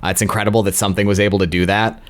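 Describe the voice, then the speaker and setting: A podcast co-host with a fairly low, flat voice races through casual movie-review chat. He offers hesitant opinions, full of ums, fillers and restarts.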